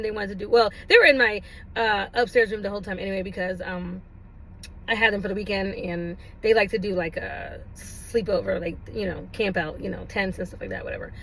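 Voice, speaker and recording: A woman with a high, bright voice tells a casual personal story to the camera. She laughs often and swings into big, exaggerated exclamations when she acts out what was said. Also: rough recording. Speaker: vlogger.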